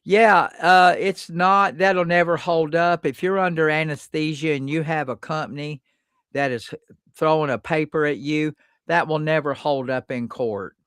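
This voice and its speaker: A man's voice: a little high, steady tone, unhurried, fairly bright tone, smooth, no room sound, clean studio sound. A man hosting a live-stream legal Q&A, blunt and emphatic, repeating words for stress. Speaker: host.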